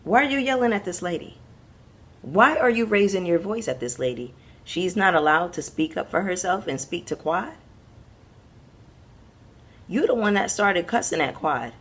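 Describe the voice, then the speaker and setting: A woman's voice: lowish voice, big pitch swings, normal speed, long pauses, fairly bright tone, breathy edge. Sassy, emphatic woman recapping reality TV. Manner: sassy, emphatic, talks straight to viewers. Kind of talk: casual recap commentary.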